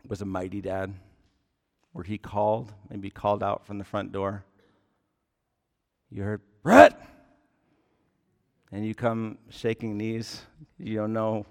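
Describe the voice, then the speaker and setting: A man in his thirties preaching a sermon as pastor, earnest and deliberate, with emphatic rises on key words. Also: lowish voice, darkish tone. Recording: long hall reverb.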